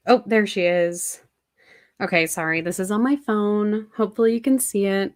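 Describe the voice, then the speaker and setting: A woman's voice: mid-range voice, fairly even intonation, normal speed, darkish tone. A young woman chatting casually with her viewers on a livestream from home, rambling and talking to them by name. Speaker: livestream host.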